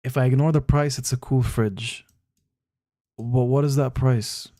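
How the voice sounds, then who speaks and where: A man's voice: medium pitch, fairly even intonation, a little slow, mellow. A young man chatting casually, blunt and slangy, reacting with disbelief. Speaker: streamer reacting to chat. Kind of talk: casual chat.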